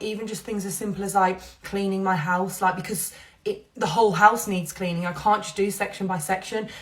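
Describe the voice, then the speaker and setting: A young woman chatting candidly while doing her makeup, rambling openly about her feelings and laughing between thoughts. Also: mid-range voice. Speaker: social media creator. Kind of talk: confessional get-ready-with-me chat.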